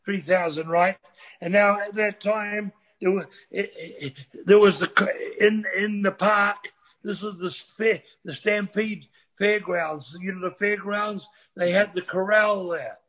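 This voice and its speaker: A man's voice: high-pitched, fairly even intonation, unhurried, a bit bright. An older man, telling a rambling, profane story as a guest on a casual chat. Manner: rambling, restarts, swears freely.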